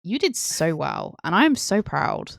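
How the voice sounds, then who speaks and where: Giggly low-voiced woman streamer. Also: very animated, measured pace, gravelly, slight background noise. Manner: giggly, rambling, teasing. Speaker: streamer and history host. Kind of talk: casual chat stream.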